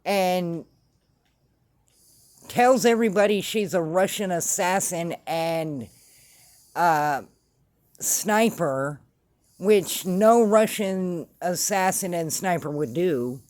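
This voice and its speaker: A woman's voice: on the low side, slow, long pauses, darkish tone, dry recording. A woman hosting casual true-crime commentary, blunt and sarcastic. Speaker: commentary host.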